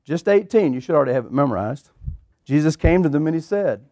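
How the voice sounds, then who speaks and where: Folksy preacher, fairly high voice. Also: male voice, fast talker, dry recording. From eastern Oklahoma. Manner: animated, drawls folksy phrases, rhetorical questions to the congregation. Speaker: pastor. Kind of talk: sermon storytelling.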